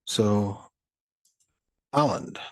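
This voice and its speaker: A man running a tabletop game as game master, pausing often with fillers while he works out damage rolls. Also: lowish voice. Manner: halting, with many fillers while tallying damage.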